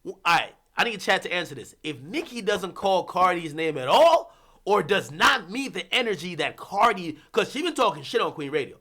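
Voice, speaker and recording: A man hosting a livestream, ranting about hip-hop in a casual, profane, animated way with bursts of laughter. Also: high voice, normal speed, slightly rough.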